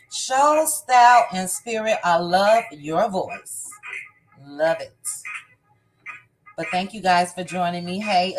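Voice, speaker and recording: A woman's voice: mid-range voice, a little hiss or hum, poor audio. A woman hosting a casual live stream, greeting viewers by name one after another. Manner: warm shout-outs, reading names one by one.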